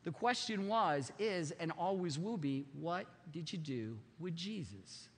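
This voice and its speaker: A man voicing God as a calm, solemn male judge in a low, hushed tone. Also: measured pace, husky, big-room sound, heavily acted.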